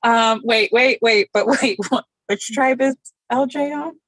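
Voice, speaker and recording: A woman's voice: on the high side, a little slow, a bit bright, no echo, rough recording. A woman on a casual panel, giggling often and teasing, with a casual swear now and then. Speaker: panelist assessing new cast.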